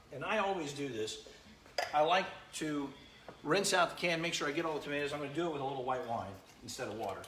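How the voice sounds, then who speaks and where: A man's voice: on the high side, roomy sound, noisy background. A man hosting a live-streamed home cooking demo, chatting with viewers by name as he cooks in his kitchen. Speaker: home cooking show host.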